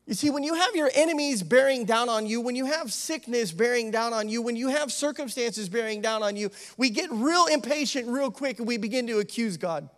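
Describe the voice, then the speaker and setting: A man, an associate pastor, preaching a sermon in a conversational, animated way, with frequent asides and calls of amen. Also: extremely high pitch, fairly quick, few pauses. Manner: animated, acts out the disciples' pleading.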